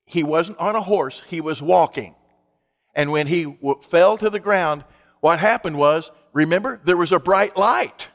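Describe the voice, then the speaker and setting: A man's voice: a little high, a little slow, a bit bright, big-room sound. A male pastor preaching a sermon in an emphatic, conversational way, asking his congregation rhetorical questions.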